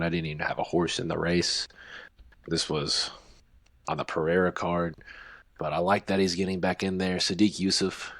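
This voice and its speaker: Brief: male podcast co-host, very low and even delivery, dry close sound, steady analytical picks. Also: no echo. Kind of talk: casual fight prediction chat.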